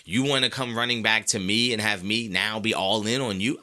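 A man's voice: lowish voice, a little fast, hardly any pauses, sharp tone. A man hosting a sports talk show, ranting and fired up, hammering his points with emphatic repetition. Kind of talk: opinionated sports commentary.

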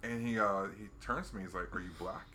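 A man's voice: lowish voice, quick pace, loud music behind the voice. An American man in casual chat, telling travel stories and acting out quotes with bursts of laughter. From United States. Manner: animated storyteller who acts out quotes with sudden loud laughs.

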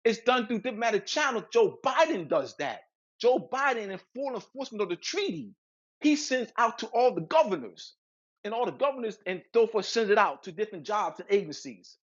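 A man's voice: high voice, very animated, a little fast, husky, dull audio. A man speaking as a guest author, lecturing with emphatic repetition and frequent restarts. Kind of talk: lecturing interview talk.

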